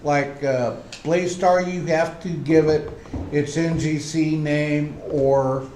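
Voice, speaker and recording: A man presenting at a club meeting, slowly and haltingly reading through software menu settings. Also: on the high side, steady tone. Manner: slow, halting, reads off menu items. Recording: roomy meeting hall, faint hum.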